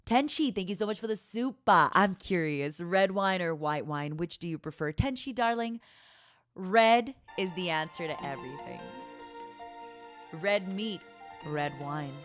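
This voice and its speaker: A woman's voice: fairly low pitch, lively intonation, a little slow, faint music behind. A woman streamer chatting casually with her audience in a playful motherly persona, calling viewers honey and darling. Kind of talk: casual live-stream chat.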